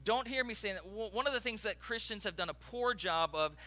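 A male pastor delivers a morning sermon in a loose, conversational way, stopping to restart phrases and talk straight to the congregation. His voice sits high for a man and sounds sharp and very bright. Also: expressive, brisk. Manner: conversational, with many restarts and asides.

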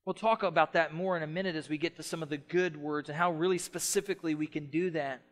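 This middle-aged man's sermon comes quickly in a slightly high voice with a steady tone. As pastor he preaches passionately, shifting from loud emphasis to soft quiet and back.

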